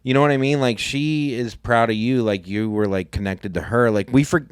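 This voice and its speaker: A man's voice: mid-range voice, moderate pace, clear, resonant tone, no echo, clean studio sound. A man co-hosting a podcast, laid-back and loose in casual chat. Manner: laid-back, full of likes and you-knows. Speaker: podcast co-host.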